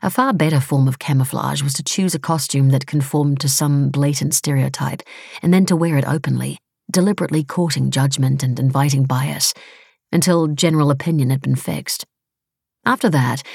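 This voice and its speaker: Low gravelly woman narrating a novel. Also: dry recording, studio quality. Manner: steady, wry, measured. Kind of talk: audiobook narration.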